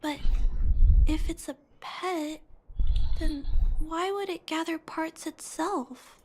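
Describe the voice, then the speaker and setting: A woman voicing a kind young girl who fixes robots, speaking softly, earnestly and thoughtfully. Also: very high voice, slow, a little hiss or hum. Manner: soft, earnest, thoughtful explaining.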